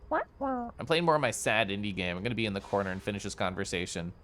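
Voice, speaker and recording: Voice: medium pitch, fairly bright tone, a little hiss or hum. A game streamer chatting casually on a live stream, reacting to chat with a giggly, chatty manner.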